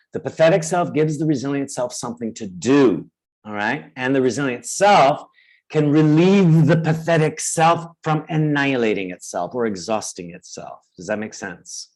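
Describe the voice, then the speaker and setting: A man presenting a webinar who acts out inner voices with sudden high cries and keeps checking in with his audience. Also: darkish tone, poor audio. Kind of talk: webinar teaching.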